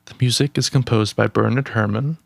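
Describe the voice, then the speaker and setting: An upbeat man with a strongly gravelly voice co-hosts a podcast, teasing his partner and reading through notes. His voice sits at an ordinary pitch and is recorded dry. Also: steady tone, brisk, no echo. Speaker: podcast co-host. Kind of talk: casual chat.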